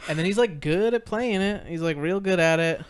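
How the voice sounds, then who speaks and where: A man's voice: high-pitched, brisk. A man co-hosting a podcast, recapping a movie in casual chat, rambling with lots of fillers and restarts. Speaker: podcast co-host.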